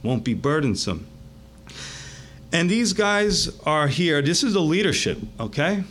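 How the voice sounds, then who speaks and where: A man pastor preaching a sermon in a conversational, animated way that keeps checking in with the listeners. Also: on the high side, a little slow, a little hiss or hum.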